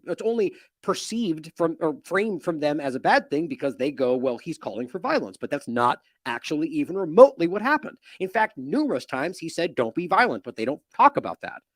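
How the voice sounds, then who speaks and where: A man hosting an independent news commentary show speaks quickly with a lively, swooping delivery in a slightly high voice. He's animated, indignant, and mocking, using sarcastic quotes. The recording is dry and close to the mic.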